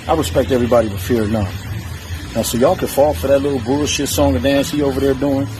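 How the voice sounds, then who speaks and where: A man's voice: mid-range voice, fairly even intonation, fast talker, background noise. A man delivering a profane, boastful, defiant trash-talk rant straight to the camera. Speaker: challenger in a strength feud. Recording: music playing under the voice.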